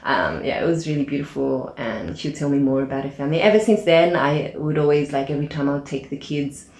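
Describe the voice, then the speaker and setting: Woman podcast guest, low voice, chatty storyteller who acts out quotes, echoey room. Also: fairly quick. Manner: animated storyteller, acts out quoted dialogue, many fillers. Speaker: podcast guest, aid organization founder. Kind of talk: casual storytelling interview. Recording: roomy echo.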